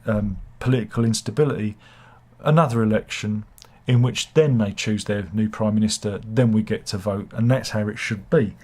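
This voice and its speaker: A man hosts a relaxed live chat with a slight cold and a cough in his throat. He rambles, restarts his sentences and fills the gaps with ums. His pitch sits in the usual middle range for a man. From United Kingdom. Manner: rambling and hesitant, many fillers and restarts, jokey asides. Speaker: host of a live chat show. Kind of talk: casual opinionated chat, reading viewer comments.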